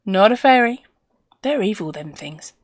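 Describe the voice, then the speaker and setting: A woman's voice: medium pitch, animated, unhurried, no echo. A woman hosting a casual live stream, chatty and laughing often as she reads out viewer comments.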